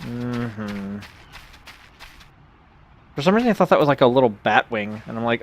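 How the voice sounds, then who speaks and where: A man giving let's play commentary, wry and self-mocking with quiet mumbled asides. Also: mid-range voice, animated, normal speed, long pauses, slight background noise. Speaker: game commentator.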